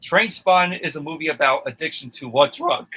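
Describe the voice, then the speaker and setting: A man's voice: a little high, animated, a little fast, pushed and bright, husky, rough recording. A man acting as quizmaster, reading trivia questions in a plain, matter-of-fact way during casual chat.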